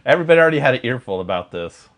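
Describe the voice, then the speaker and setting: A man's voice: mid-range voice, big pitch swings, very fast, fairly bright tone. A man co-hosting a live beer show and running the stream, speaking in short, dry remarks. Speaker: co-host and producer. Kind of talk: casual live-stream chat.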